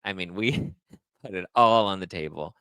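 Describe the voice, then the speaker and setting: A man hosting his own podcast, talking in a halting, emotional way with many fillers and pauses. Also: low voice, pushed and bright, clear, resonant tone, no room sound. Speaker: podcast host. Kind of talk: emotional casual monologue.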